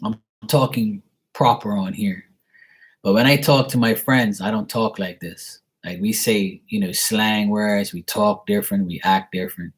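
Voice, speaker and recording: A man from Bermuda, with a Bermudian accent, rambles chattily in a casual vlog while answering viewer questions, digressing and mimicking other people's voices when quoting them. His voice is lowish, fairly even in intonation, measured and slightly breathy.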